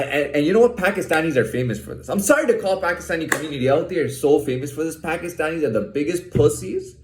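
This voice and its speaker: In a roomy-sounding clip, a man with a fairly high voice rants at the camera in an agitated, profane monologue, swearing heavily and starting his sentences over.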